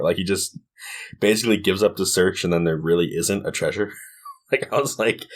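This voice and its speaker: A man's voice: sits low, brisk. A man co-hosting a casual gaming podcast, laid-back and chuckling often. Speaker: podcast co-host.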